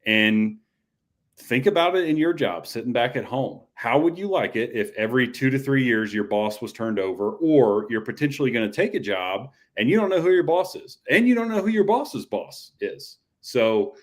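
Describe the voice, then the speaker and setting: A man's voice: medium pitch, lively intonation, moderate pace. A man co-hosting a casual college football talk show, rambling with frequent restarts. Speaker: podcast co-host.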